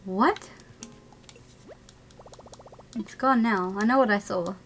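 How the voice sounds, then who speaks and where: A woman's voice: medium pitch, takes it slowly, slight background noise. A woman casually chatting and laughing while live-streaming a video game and talking to her chat.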